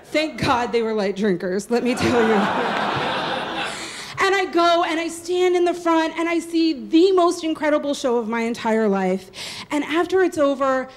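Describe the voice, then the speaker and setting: A woman in her thirties telling a true personal story live on stage, lively and laughing, acting out the voices of the people she quotes. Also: sits high. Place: small live venue with audience.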